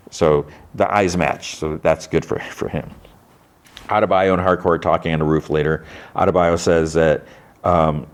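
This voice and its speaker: Deep-voiced man recapping a show. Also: a little mellow. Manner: loose retelling with frequent "like" and restarts, lightly mimicking characters' lines. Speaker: podcast host recapping TV episodes. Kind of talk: casual episode recap.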